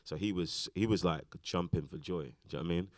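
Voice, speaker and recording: British guy rambling on stage, real deep voice, dry close sound. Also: quick pace, dry recording. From Britain. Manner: rambling, lots of fillers and restarts. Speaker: actor, interview guest. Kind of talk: casual onstage conversation. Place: festival stage talk.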